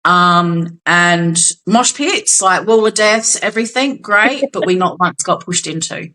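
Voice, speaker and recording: A woman's voice: on the low side, measured pace, bright, forceful tone, rough recording. A young Australian woman co-hosting a podcast, telling a gig story in casual chat, acting out quotes and swearing casually. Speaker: podcast co-host.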